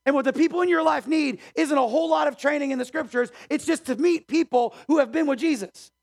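A male pastor preaching a sermon in a church, emphatic and conversational, with animated swings in energy. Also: very high-pitched, fast, creaky. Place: church auditorium.

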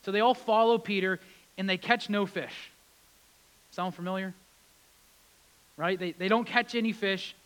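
A man with a high-pitched voice delivers a sermon. He leans on repeated words and moves from raised, urgent passages down to quiet, hushed ones. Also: fairly even intonation, a little slow, long pauses, smooth, poor audio. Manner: emphatic, repeats key words, swings between loud and hushed. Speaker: preacher.

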